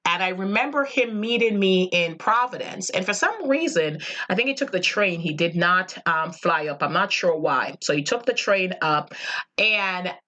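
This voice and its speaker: A woman's voice: fairly low pitch, bright, forceful tone. A woman from Jamaica with a slight Jamaican accent, talking earnestly and reflectively in a solo podcast, with many fillers. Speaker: podcast host. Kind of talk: casual solo podcast monologue.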